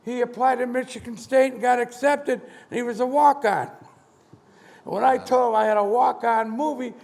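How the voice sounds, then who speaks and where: This man in his seventies has a very high-pitched voice with vocal fry and a moderate pace. Speaking motivationally on a conference hall stage, he tells a story animatedly and acts out the lines in quotes, heard through large hall reverb.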